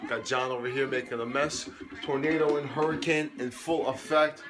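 A man's voice: medium pitch, fairly even intonation, normal speed, very noisy. A young man speaks casually to his camera at home, still sweaty and tired from a workout. His talk is chatty and upbeat, and he slips into motivational coaching as he goes. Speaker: fitness coach vlogger. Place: home living room.

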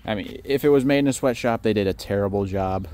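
A man with a monotone voice giving a blunt, casual walkthrough of his work trailer, swearing freely and joking dryly at his own expense. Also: fairly low pitch, fast, a little hiss or hum. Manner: blunt, casual, swears, dry self-mocking humor. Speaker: pressure washing business owner. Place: outdoors beside a work trailer.

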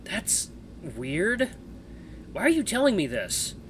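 A man voicing the quiet first-person hero of a visual novel, speaking in a mild, questioning way. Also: sits high, huge pitch swings, takes it slowly, slight background noise, voice pushed up, heavily acted. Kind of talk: reading a visual novel aloud.

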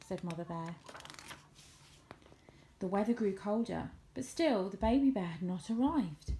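A woman's voice: medium pitch, animated, moderate pace, mellow. A woman reading a picture book aloud. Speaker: storybook reader.

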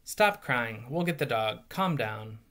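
A man's voice: medium pitch, expressive, slow pace, a bit bright. A man voicing a firm, impatient mother who speaks in a no-nonsense way.

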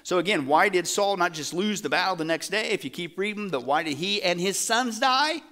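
A middle-aged male pastor delivering a lively sermon, his voice sitting a bit high. He keeps tossing questions to the audience and slips into casual slang as he teaches. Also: a little fast.

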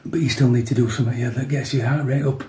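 A man in his fifties talks through a home workout in a casual, easygoing way, dropping "yeah" after almost every line. He keeps his voice low so as not to wake people. He sounds a little distant from the mic, in an echoey room with faint background noise. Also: fairly even intonation, fast talker. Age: 50s. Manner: chatty, keeps adding "yeah", talks softly to avoid waking people. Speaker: fitness vlogger.

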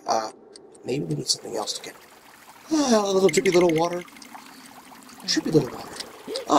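This let's play gamer has a fairly high voice with vocal fry, and the background is noisy. Sitting at home with his dogs close by, he casually narrates his gameplay, coos baby talk at his character in a playful way, and veers from mutters to outbursts.

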